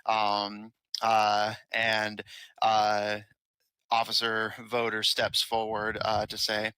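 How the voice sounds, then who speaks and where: A man narrating as game master of a tabletop game, halting with many fillers. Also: on the low side, completely flat delivery, pushed and bright, clean tone, no echo, rough recording.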